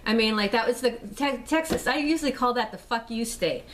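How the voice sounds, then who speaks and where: A woman's voice: on the high side, a little fast, a bit bright, slight background noise. A woman delivering an angry, profane, rambling vlog rant straight to camera. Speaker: vlogger. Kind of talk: ranting vlog monologue.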